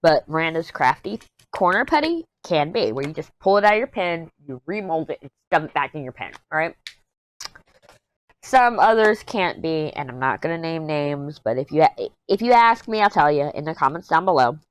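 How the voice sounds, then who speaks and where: A woman's voice: sits low, sing-song, moderate pace. A woman in her thirties chatting casually as a crafting vlogger while she works, rambling, easily sidetracked, candid and jokey. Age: 30s. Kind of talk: casual chat while diamond painting.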